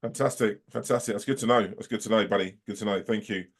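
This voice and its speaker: A man's voice: fairly low pitch, fast talker, breathy edge. A man running a final course session, losing his voice, checking in with students in a friendly way and repeating his praise. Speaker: course organizer. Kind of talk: casual check-in.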